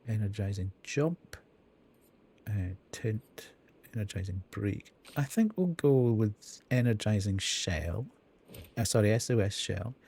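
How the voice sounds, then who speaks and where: A man's voice: on the low side, lively intonation, slow pace, a little mellow, husky. A man streaming a video game live, thinking aloud as he counts and reads out menu options. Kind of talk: casual live gameplay commentary.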